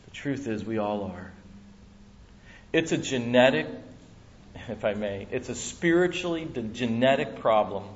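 A man preaching a sermon in a church room, dramatic, swinging from loud to hushed. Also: mid-range voice, lively intonation, a little slow, long pauses, dull audio, slight background noise.

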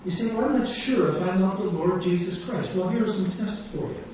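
A man preaching a sermon, telling stories with animated quotes and frequent laughter. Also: high voice, fairly quick, slight background noise. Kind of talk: sermon with storytelling. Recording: echoey distant hall sound, dull.

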